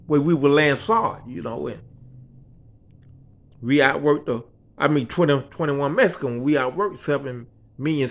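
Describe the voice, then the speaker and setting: A man with a notably high voice tells a story from his own life in loose, slangy talk. He swears freely and slips into the voices of the people he describes. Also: highs cut off. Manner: animated, slangy and profane, acts out quoted voices. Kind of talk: casual personal storytelling.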